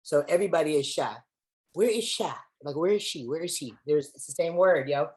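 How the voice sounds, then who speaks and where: A woman from Los Angeles hosts a lively online workshop over a video call, chatting in a playful, slangy way. Her low voice is brisk, a little mellow and husky, and the audio quality is poor.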